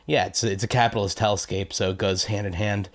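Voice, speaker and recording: A man's voice: lowish voice, fairly even intonation, a little fast. An American man hosting a casual video, reading viewer comments aloud and chatting in a rambling, self-deprecating way with lots of fillers. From United States. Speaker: YouTube host.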